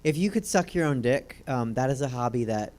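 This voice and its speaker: A woman's voice: rumbling low, lively intonation, fairly quick, darkish tone. A woman hosting a comedy talk show, joking in a dry way and introducing guests.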